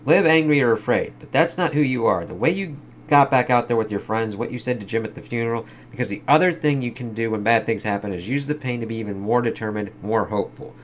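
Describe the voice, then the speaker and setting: A man's voice: mid-range voice, fast talker, slight background noise, natural voice. A man reading aloud a mother comforting her son after a trauma, in his plain voice with no character voice. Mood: encouraging.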